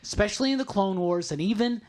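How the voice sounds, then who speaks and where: A man co-hosting a casual podcast chat, an excited fan who keeps calling things badass. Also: sits high, fast. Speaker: podcast co-host.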